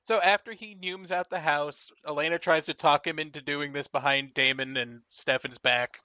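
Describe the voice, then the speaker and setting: Bright, jokey young-sounding man. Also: a little high, steady tone, normal speed, no room sound. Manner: jokey, laughs often, puts on silly voices. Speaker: podcast co-host. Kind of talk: casual recap chat.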